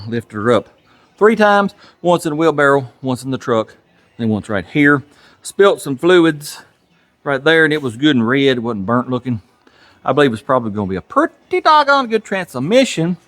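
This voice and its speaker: A man's voice: a little high, sing-song, a little fast, a bit bright. A man with a Southern US accent, hosting a casual garage vlog in a folksy, chuckling, self-deprecating way. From Tennessee, USA. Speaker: garage channel host. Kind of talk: casual workshop vlog talk. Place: home garage workshop.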